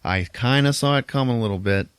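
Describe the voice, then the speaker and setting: A podcast co-host with a medium-pitched, clear, resonant voice talks fast as he casually recaps a movie plot, retelling it animatedly and swearing crudely and often. The recording is dry with no room sound.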